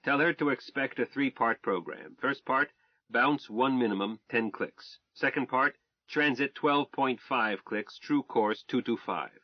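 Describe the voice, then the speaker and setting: A man's voice: mid-range voice, a little slow, no echo, natural voice. A man voicing a confident husband in an audiobook, wry and coaching in a teasing way, on a dull, dry recording.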